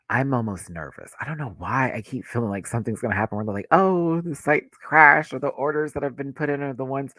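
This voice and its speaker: A man hosting a livestream, chatting casually as an excitable fan who gushes and laughs often. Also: on the low side, breathy edge, no echo. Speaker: livestream host.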